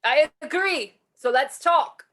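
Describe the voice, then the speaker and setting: A woman's voice: high-pitched, expressive, slow, a bit bright, slight background noise, exaggerated voice. A woman reading the part of a cornered young German sergeant in an amateur script reading, tense and suspicious. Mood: wary.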